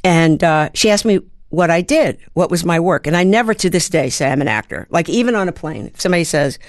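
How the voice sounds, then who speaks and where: A woman's voice: fairly low pitch, animated, a little fast, no room sound, clean studio sound. A woman in her seventies from Baltimore, a guest actor and playwright telling stories thoughtfully, with hesitant fillers. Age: 70s. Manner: reflective storyteller, hums rhythms, hesitant fillers. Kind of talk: conversational interview.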